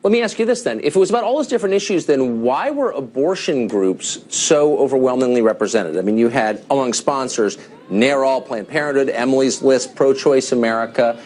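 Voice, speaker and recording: TV host, male, 40s, sardonic and pointed, quick and lively delivery. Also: mid-range voice. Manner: pointed, sardonic questioning, laughing at times. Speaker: cable news host. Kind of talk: combative news interview. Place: television studio.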